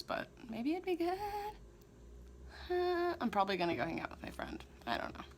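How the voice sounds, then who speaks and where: A young woman vlogging casually to the camera, thinking aloud in a rambling, self-mocking way. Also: fairly high pitch. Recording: faint background noise.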